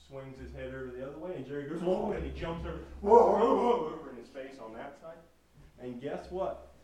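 A man tells children a homespun story with a moral, drawing them in with questions and imitating animal noises along the way. His voice sits at an ordinary middle pitch. He is heard from a distance in a roomy, echoing space. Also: a little mellow. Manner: asks the listeners questions and imitates animal sounds. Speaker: storyteller teaching children a lesson.

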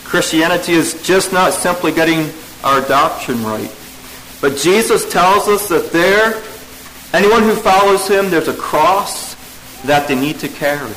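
A man's voice: on the high side, animated, measured pace, low-quality recording. Earnest man preaching a sermon. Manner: earnest, rises to forceful emphasis then drops to hushed tones. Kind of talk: evening sermon.

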